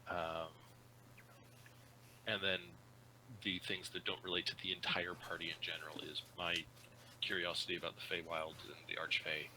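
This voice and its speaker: Deep bright-toned man, halting speech. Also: level tone, slight background noise, rough recording. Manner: halting, many fillers and restarts. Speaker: player. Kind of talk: tabletop role-play chat.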